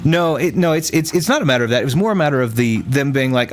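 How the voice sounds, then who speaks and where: A man's voice: medium pitch, quick pace. A man from Texas, a streamer rambling and thinking aloud in casual chat with his viewers.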